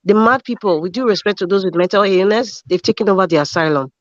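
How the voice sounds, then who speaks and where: A woman's voice: medium pitch, quick pace, no echo, muffled recording. A woman giving earnest political commentary as a panel guest, choosing her words carefully and repeating for emphasis. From Nigeria.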